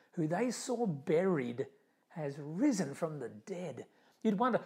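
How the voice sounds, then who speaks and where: Man, pastor, emphatic sermon delivery, dramatic hushed drops. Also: sits high, husky.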